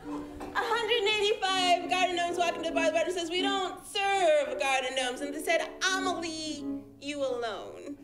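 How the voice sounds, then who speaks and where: A woman's voice: extremely high pitch, normal speed, roomy sound, over loud music. A woman improvising stand-up jokes on stage, giggling through her punchlines. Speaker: improv comedy performer. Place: comedy theater stage.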